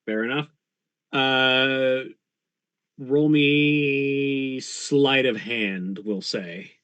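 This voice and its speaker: A man running a tabletop game as game master, narrating in a relaxed, easygoing way. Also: mid-range voice, drawn-out words, smooth, dull audio.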